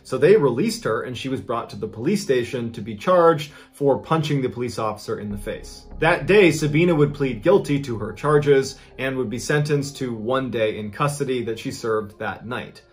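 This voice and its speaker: A man's voice: medium pitch, lively intonation, moderate pace, hardly any pauses. A man in his thirties narrating a true story as host, building tension and punching key moments with sudden emphasis.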